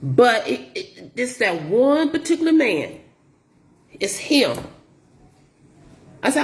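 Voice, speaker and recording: A woman's voice: a little high, measured pace, pauses often, roomy sound. A middle-aged woman, a grocery delivery shopper telling stories in a casual vlog, repeating herself as she vents about rude customers. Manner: animated, repetitive, exasperated retelling.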